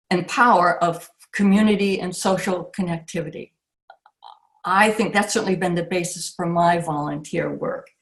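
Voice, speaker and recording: An older woman with a slightly low voice gives a heartfelt acceptance speech. She speaks over a video call, often pausing and circling back to restart her sentences. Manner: warm, reflective, with frequent pauses and restarts. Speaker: award recipient.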